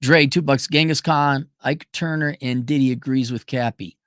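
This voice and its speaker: A man hosting a casual livestream, talking bluntly and emphatically, jumping between loud declarations and low muttered asides as he reads viewer messages. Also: fairly even intonation, moderate pace, no room sound, studio quality. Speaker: livestream host reading super chats.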